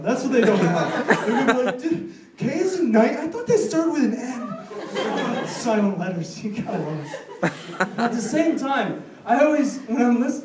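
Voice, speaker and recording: A young American man performing a rambling, animated stand-up set, acting out voices in his stories. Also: sits high. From United States. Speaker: stand-up comedian. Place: comedy club stage. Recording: roomy, distant live club recording with noise. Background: audience laughter.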